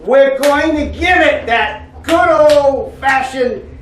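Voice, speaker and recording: A psychotherapist with an extremely high voice gives a live motivational talk slowly in a large public library hall, energetically joking and leading the audience in call-and-response chants. Recorded far from the mic, it sounds like an echoey hall from a distance with slight background noise.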